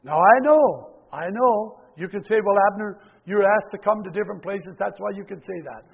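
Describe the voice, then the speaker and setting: A man preaching a sermon, swinging from loud exhortation to hushed near-whispers, often repeating words and restarting. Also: sits high, moderate pace, creaky, slightly rough. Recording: dull lo-fi recording with long hall reverb.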